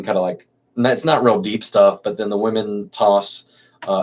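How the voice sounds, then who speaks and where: A man reading an old verse play aloud, stumbling over some words and stopping to explain the plot in casual asides. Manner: stumbles over words and restarts, uses rising pitch for characters. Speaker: amateur reader.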